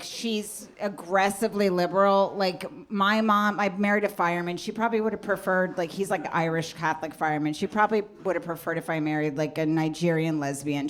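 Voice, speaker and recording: A woman's voice: fairly low pitch, fairly quick, hardly any pauses, slight background noise. A woman stand-up comedian on a comedy stage, talking in a chatty, exasperated way with lots of "like"s into a handheld mic.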